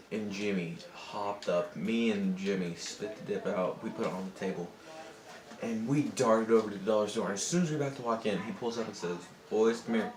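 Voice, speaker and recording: A young gaming channel host with a fairly low voice tells a rambling, profane story over gameplay, often cutting himself off. The sound is roomy, and other people can be heard in the house.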